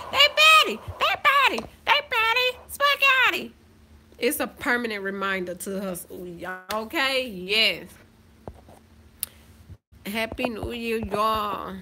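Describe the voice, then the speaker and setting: A woman's voice: medium pitch, fairly bright tone, a little hiss or hum. A woman hosting a casual livestream from her phone, greeting viewers by name and chatting playfully. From Southern United States. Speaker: livestream host.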